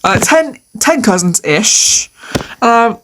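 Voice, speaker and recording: A woman's voice: fairly high pitch, big pitch swings, slow, fairly bright tone, slight background noise. A woman chatting on her own through a quiz, playful and hesitant, with many fillers and frequent laughter. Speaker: video creator answering quiz questions. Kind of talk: casual solo commentary.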